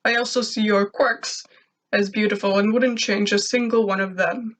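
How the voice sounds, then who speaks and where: A woman's voice: medium pitch, fairly even intonation, normal speed, natural voice. A woman reading a love letter as an earnest, lovesick young man, sincere and tender.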